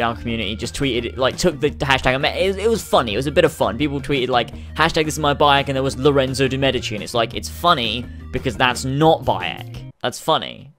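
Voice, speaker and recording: A man's voice: medium pitch, fairly bright tone. A man vlogging to camera in a casual rant, swearing heavily as he grows furious. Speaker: YouTuber.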